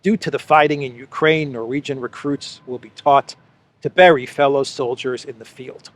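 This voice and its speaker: A man's voice: medium pitch, fairly even intonation, normal speed. Guy doing a sarcastic political commentary monologue, keeps repeating himself for effect.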